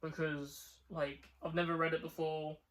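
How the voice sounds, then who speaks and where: A man's voice: a little high, flat delivery, measured pace, fairly bright tone. A young man chatting casually about his comic book haul, rambling with lots of fillers. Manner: rambling, filler-heavy, repeats "like".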